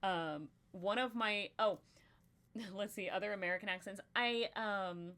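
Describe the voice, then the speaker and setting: A woman's voice: medium pitch, slow, a bit bright. A woman hosting a casual podcast chat, rambling and giggly with frequent fillers. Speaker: podcast host.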